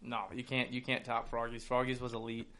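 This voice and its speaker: A man's voice: mid-range voice, fairly quick. A young man from Ohio, telling profane party stories in casual chat and acting out what others said. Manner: animated, profane storytelling with quoted voices. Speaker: podcast co-host.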